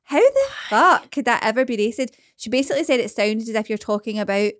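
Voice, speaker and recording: A woman's voice: on the high side, lively intonation, fast, a bit bright, no echo, studio quality. Laughing, sweary Scottish woman. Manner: laughs a lot, swears, reacts with outrage. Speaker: podcast co-host. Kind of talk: casual chat.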